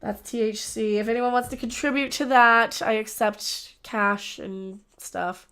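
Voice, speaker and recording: A woman's voice: on the high side, fairly even intonation, a little slow, fairly bright tone, smooth. A young woman hosting a casual livestream, rambling and chatty, often trailing off and restarting. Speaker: livestream host.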